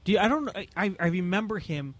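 Man, interview host, casual chat, encouraging, slightly high voice. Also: lively intonation, fast talker, no room sound. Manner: encouraging, frequent short affirmations. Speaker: podcast host.

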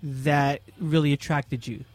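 Man, interview host, casual chat, encouraging, slightly high voice. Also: steady tone, slow pace, no echo, faint music behind. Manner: encouraging, frequent short affirmations. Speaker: podcast host.

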